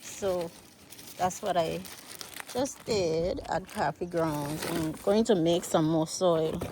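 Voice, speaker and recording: A woman vlogging casually outdoors on her farm, chatty and excitable, talking straight to her viewers from a handheld phone. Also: on the low side, slow pace, background noise. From United States. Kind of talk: casual vlog narration while working.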